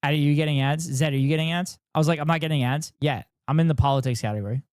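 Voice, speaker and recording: A man's voice: on the high side, very fast, clear, resonant tone, no room sound, clean studio sound. A man live-streaming and chatting with viewers in a rambling, self-deprecating way. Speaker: streamer reacting with chat. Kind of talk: casual live-stream chat.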